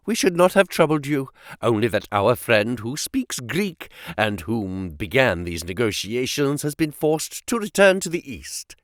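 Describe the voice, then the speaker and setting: A man's voice: mid-range voice, no echo, clean studio sound, natural voice. A man voicing a sinister middle-aged kidnapper who talks with a nervous, menacing giggle.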